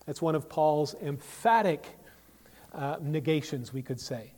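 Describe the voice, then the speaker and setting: Pastor, male, higher-pitched voice, preaching emphatically to the congregation, reverberant church sound. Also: lively intonation, measured pace, a little mellow. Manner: emphatic, rises and falls sharply in volume, asks rhetorical questions. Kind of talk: sermon. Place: church sanctuary. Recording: long reverb of a church hall.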